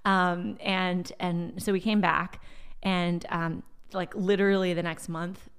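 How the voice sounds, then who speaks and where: A woman, a podcast guest, talking casually, animated, and slipping into other people's ways of speaking. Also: fairly low pitch, takes it slowly, clear, resonant tone. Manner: animated storyteller, mimics voices she hears. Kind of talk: casual conversation.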